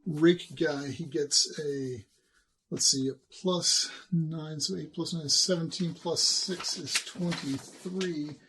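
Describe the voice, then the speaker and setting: A man's voice: a little high, fairly even intonation, very noisy. Man running a tabletop game. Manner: halting, filler-heavy rules narration. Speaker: game master. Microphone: binaural microphone.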